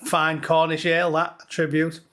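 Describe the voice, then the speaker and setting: Male co-host, high voice, dry and blunt, salty language. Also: monotone, normal speed, pushed and bright. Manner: dry, blunt storytelling with swearing. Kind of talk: casual chat.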